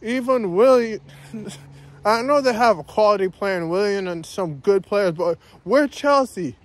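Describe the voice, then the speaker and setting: High-voiced man ranting while walking. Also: a little slow. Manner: repetitive, ranting, says "guys" constantly. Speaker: vlogger. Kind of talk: walking vlog rant. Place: outdoors, walking around his neighborhood.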